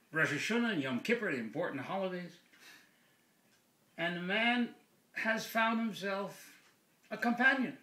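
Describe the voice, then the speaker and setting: Man, joke teller, unhurried storytelling, highish voice, roomy echo. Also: bright, forceful tone. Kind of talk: casual joke telling. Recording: echoey room.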